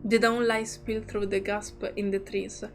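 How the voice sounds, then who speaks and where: A woman's voice: mid-range voice, flat delivery, unhurried, faint music behind. A woman streaming a game who reads its dialogue aloud and reacts with emotion and frequent swearing. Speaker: gaming streamer.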